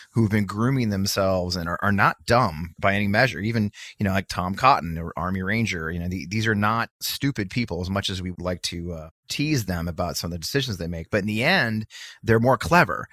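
A man on a political podcast panel, laying out his views in a measured way, thinking aloud with fillers. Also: on the low side, a bit bright, dry recording, studio quality. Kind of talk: casual panel discussion.

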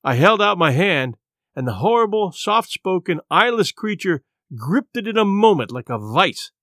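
A man narrating a classic adventure story in a dramatic, expressive reading. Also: sits high, normal speed, dry recording, clean studio sound. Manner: dramatic, varied pacing. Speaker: audiobook narrator.

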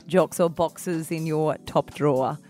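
A woman's voice: sits low, steady tone, a little slow, dark tone, soft background music. A woman co-hosting breakfast radio, teasing and giggly. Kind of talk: casual radio banter.

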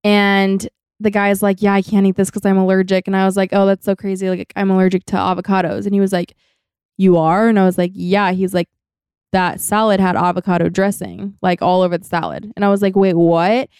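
A woman's voice: mid-range voice, little pitch movement, fairly quick, darkish tone, smooth, no room sound, clean studio sound. A young woman co-hosting a podcast, telling a personal story in casual chat, full of "like" fillers. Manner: chatty, many "like" fillers. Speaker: podcast co-host.

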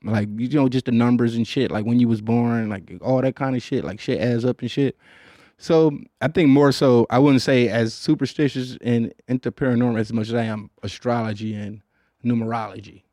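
A man's voice: medium pitch, fairly even intonation, moderate pace, warm tone, no room sound. A man hosting a podcast, chatting in a loose, rambling, profane way with lots of fillers, recorded in a studio booth. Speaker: podcast host. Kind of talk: casual podcast chat.

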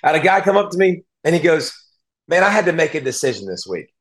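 A man's voice: on the high side, sing-song, fast. A former football player and analyst, a man, talking as an interview guest, telling stories earnestly and emotionally with many restarts. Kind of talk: casual interview talk.

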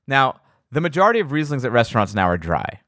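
A man hosts a podcast, talking in a relaxed but opinionated way with casual swearing. His voice sits at a medium pitch. The sound is dry and close, with no room echo. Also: quick pace. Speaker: podcast host. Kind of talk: casual conversation.

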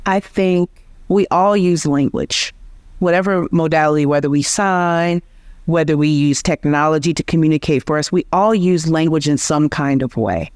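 A woman's voice: low-pitched, moderate pace, darkish tone, dry recording, studio quality. A woman linguist, a guest on an interview, explaining speech patterns patiently and often checking in with "right?".

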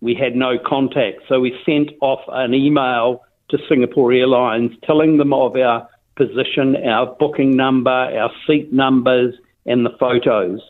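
A man's voice: medium pitch, steady tone, measured pace. An older man with a New Zealand accent, telling his story in a casual phone interview, rambling with restarts and fillers. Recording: tinny phone line.

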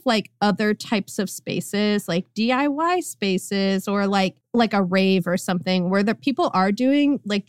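A woman guest on a podcast, chatting casually, full of "like" fillers and quick laughs. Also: medium pitch, clean tone, no room sound, clean studio sound. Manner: laughing often, lots of "like" fillers. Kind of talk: casual chat.

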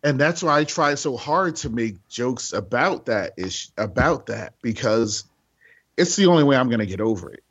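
A male comedian guest on a podcast, speaking candidly and haltingly, with frequent restarts and fillers. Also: medium pitch, lively intonation, husky, lo-fi sound.

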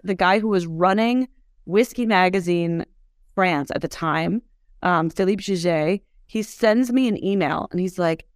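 A woman's voice: fairly low pitch, no room sound, clean studio sound. A woman in her thirties from the United States, telling her story animatedly in a casual interview, full of "like" and acted-out quotes. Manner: animated, fillers like "like", acts out quotes. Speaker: whiskey entrepreneur guest.

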